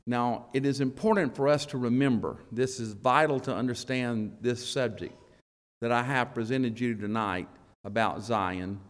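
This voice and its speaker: A man preaching a sermon to his congregation as their elder, emphatic and deliberate, with long pauses between phrases. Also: mid-range voice. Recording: long reverb of a large hall.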